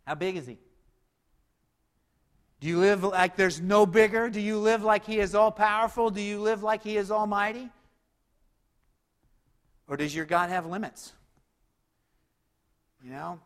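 A man's voice: high-pitched, measured pace, pauses often. A man preaching a sermon, building emphasis and asking the listeners rhetorical questions. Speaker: pastor. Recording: long hall reverb.

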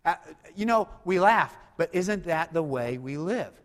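Male pastor, high-pitched, emphatic sermon delivery, long reverb. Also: animated, a little slow. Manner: preaching with rising emphasis and rhetorical questions.

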